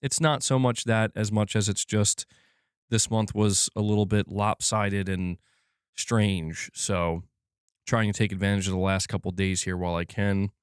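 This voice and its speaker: A man with a lowish, smooth and clear voice hosts a relaxed gaming livestream. He talks loosely and chattily, greeting viewers and reading out their chat. The sound is close and dry. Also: a little slow, no room sound. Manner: chatty, reads out chat messages. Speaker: livestream host.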